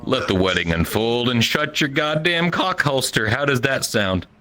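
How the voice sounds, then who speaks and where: A man's voice: medium pitch, lively intonation, normal speed, bright, forceful tone. A man telling a crude, profane story as a stand-up comedian, from the Midwest United States.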